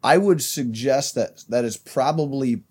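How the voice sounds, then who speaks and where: A man co-hosting a Christian podcast, explaining his views in an animated way. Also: medium pitch, measured pace, slightly rough. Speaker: podcast co-host. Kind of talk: faith podcast conversation.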